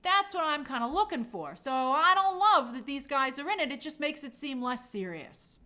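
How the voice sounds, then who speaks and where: Chatty high-pitched woman reviewing a trailer. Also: expressive, moderate pace, bright, forceful tone. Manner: chatty and opinionated, with lots of fillers and mock quotes. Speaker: film trailer reviewer and host. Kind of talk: casual trailer breakdown commentary.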